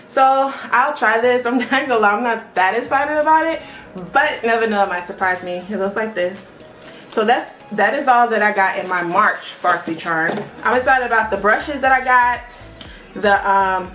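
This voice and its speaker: A young woman chatting casually as a beauty vlogger, excitable and talking straight to her viewers. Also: medium pitch, measured pace. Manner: chatty and excitable, often addresses the viewers directly. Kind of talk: casual unboxing chat. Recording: echoey room with faint background music.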